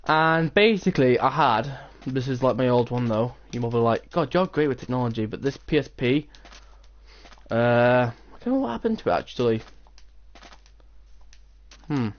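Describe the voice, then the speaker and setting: A teenage boy from England chats casually while playing a game for his gaming channel, rambling and telling stories stuffed with "like." The man's mid-range voice is expressive at a measured pace with frequent pauses, and the sound is lo-fi.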